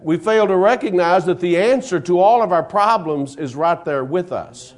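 A man's voice: high voice, moderate pace. A man preaching a sermon, reading scripture aloud and then talking it over in a conversational way, often repeating and restarting words, before leading a prayer. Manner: reads scripture in King James wording. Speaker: guest preacher.

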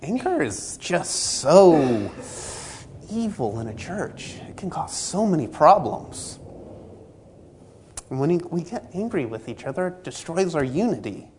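A man's voice: fairly high pitch, very animated, a little slow, a little mellow, slight background noise. A man preaching a sermon in a conversational way, acting out little scenes and voices from everyday church life. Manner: conversational, acts out dialogue in anecdotes.

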